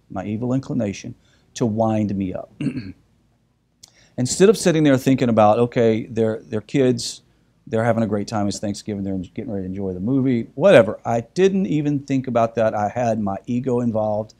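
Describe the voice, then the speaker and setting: A middle-aged man tells a personal story to a listening audience, animated and anecdotal, often checking in with a quick "right?". His voice sits at an ordinary pitch, with a mellow, darker tone. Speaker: speaker giving a talk.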